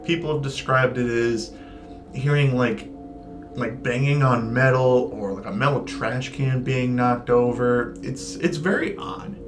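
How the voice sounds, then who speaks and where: A man co-hosting a paranormal discussion show, chatty and quick in places. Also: medium pitch, over music. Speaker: paranormal podcast co-host. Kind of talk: casual discussion.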